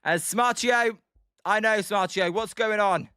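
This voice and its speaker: A man's voice: sits high, unhurried, clear, resonant tone, dry recording, clean studio sound. A British man doing live play-by-play commentary of a baseball game on his stream, joking and answering viewers in the chat. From Britain. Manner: excitable, jokey, reads out and answers chat viewers.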